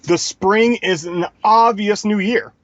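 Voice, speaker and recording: A man's voice: high-pitched, slow, fairly bright tone, dull audio. A man co-hosting a live stream, lecturing emphatically in casual talk. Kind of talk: casual talk-show commentary.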